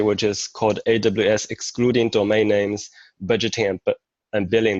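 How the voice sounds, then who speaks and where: A low-pitched man walks through a proposal at an even, measured pace, his voice flat and close to the mic. The sound is dry and a little dull, like low-fidelity call audio. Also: no room sound. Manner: measured, explains step by step with fillers. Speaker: meeting secretary. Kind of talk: casual meeting talk.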